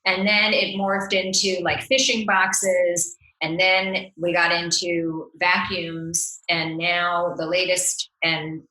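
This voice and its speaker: Lowish, bright woman in a roomy echo. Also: little pitch movement, slow pace, hardly any pauses. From New Jersey. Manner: upbeat, laughs easily, reflective. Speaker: guest entrepreneur. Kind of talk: casual interview chat.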